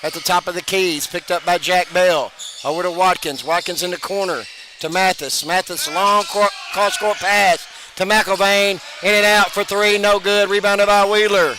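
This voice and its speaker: A man with a high, light voice calls basketball play-by-play in a brisk rhythm, jumping up loud on big plays. Loud gym noise and bouncing balls sit under his voice throughout. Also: fairly even intonation. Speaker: play-by-play announcer. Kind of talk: play-by-play commentary.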